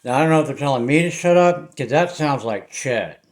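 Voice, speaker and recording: A middle-aged man with a Southern US accent, telling a ghost story in a casual, rambling way to his viewers, often trailing off into quiet mumbles. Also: mid-range voice, animated, a little fast. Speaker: paranormal investigator vlogger.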